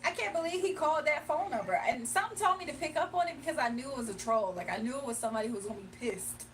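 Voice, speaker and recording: A woman's voice: high-pitched, expressive, rapid-fire, distant mic, slight background noise. A woman hosting a livestream in casual chat, mocking and blunt, laughing often. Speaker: livestream host.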